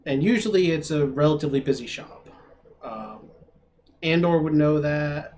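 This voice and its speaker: A man narrating a tabletop game as game master, rambling with many pauses. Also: on the high side, darkish tone, a little hiss or hum. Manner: rambling, filler-heavy narration.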